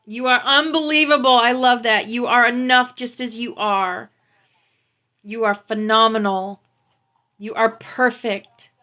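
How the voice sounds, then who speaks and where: A woman hosting a spiritual live stream, gently affirming her viewers and reading out teachings through a phone mic. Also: on the high side, little pitch movement, slow pace. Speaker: spiritual livestream host. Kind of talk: spiritual livestream talk to viewers.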